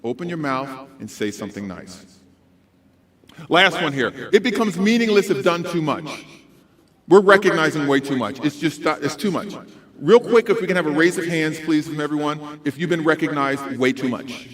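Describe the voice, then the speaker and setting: A man giving a motivational talk to educators at a school conference, animated and swinging between loud and soft. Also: on the high side, normal speed. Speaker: conference speaker.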